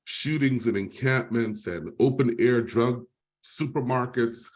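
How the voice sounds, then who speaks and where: A man's voice: mid-range voice, a little slow. A middle-aged man giving a talk on a video call, telling his own recovery story, close to tears and apologetic at times. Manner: emotional, tearful at moments, apologetic. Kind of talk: presentation with personal testimony.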